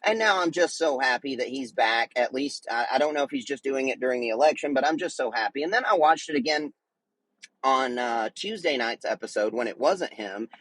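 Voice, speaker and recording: A man's voice: medium pitch, expressive, fairly quick, fairly bright tone, breathy edge, dry recording, poor audio. Rambling, upbeat man hosting a sports chat. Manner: rambling, enthusiastic, frequent fillers and restarts. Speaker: sports podcast host. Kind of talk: casual solo chat.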